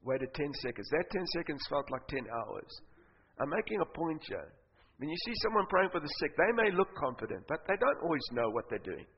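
High-voiced preacher in an echoing hall. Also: male voice, fairly quick, slight background noise. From Africa. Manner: animated, swings between loud bursts and hushed asides. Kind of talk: sermon with storytelling. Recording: reverberant hall, slightly muffled sound.

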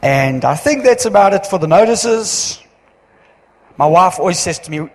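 A man giving church notices as pastor, chatty and joking, with halting restarts. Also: high voice, animated. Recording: long hall reverb.

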